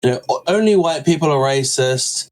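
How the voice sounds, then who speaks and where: A man's voice: a little high, lively intonation, normal speed, a little mellow. A man co-hosting a video reaction show, making snide, mocking remarks. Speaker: co-host. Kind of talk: sarcastic reaction banter.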